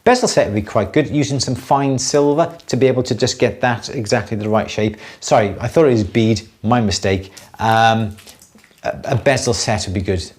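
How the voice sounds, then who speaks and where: A middle-aged man hosting a live jewellery Q&A, explaining techniques step by step in a relaxed way, with many fillers and restarts. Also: mid-range voice, moderate pace. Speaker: jewellery maker answering viewer questions. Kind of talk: live Q&A demonstration.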